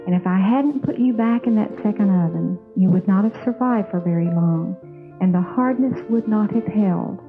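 A patient, gentle male potter calmly explains his work in a woman's telling. The sound is thin and phone-like. He speaks as a simple figure in a spoken parable. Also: mid-range voice, moderate pace, over music, close to an everyday voice. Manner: calm, explaining.

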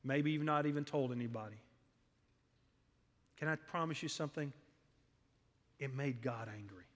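A man's voice: medium pitch, moderate pace. A middle-aged man, preaching a sermon in a church, earnest and storytelling, his voice swelling on emphatic lists. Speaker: pastor. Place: church sanctuary. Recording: long hall reverb.

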